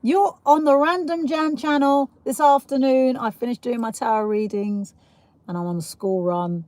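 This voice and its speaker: A woman's voice: sits high, normal speed, darkish tone, dry recording. A woman from South East London with a South East London accent, hosting a casual livestream and chatting with viewers, laughing often between rambling asides. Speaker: livestream host. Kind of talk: casual live chat reading comments.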